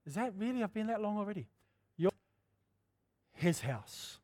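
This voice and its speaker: A middle-aged man preaching a sermon in a candid, conversational way, often clearing his throat. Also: high voice, very animated, moderate pace, a little mellow, no room sound, clean studio sound. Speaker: pastor.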